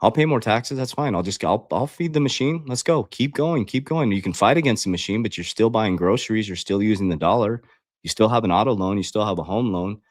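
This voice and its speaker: A man's voice: on the low side, expressive, fairly quick, no echo, clean studio sound. A man speaking as a life coach on a livestream, blunt and confrontational, swearing freely and talking straight to his viewers. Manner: addresses viewers directly as guys. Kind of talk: livestream motivational talk.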